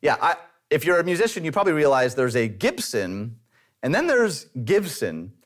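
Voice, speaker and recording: A man's voice: fairly high pitch, sing-song, a little fast. A man preaching a sermon in a conversational way, with light self-deprecating humor. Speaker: pastor.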